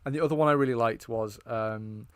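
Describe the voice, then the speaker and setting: Fairly quick and smooth, with a mid-range voice, this British podcast co-host tells energetic stories in casual conversation. He's an animated storyteller who quotes film lines he finds funny and laughs at them.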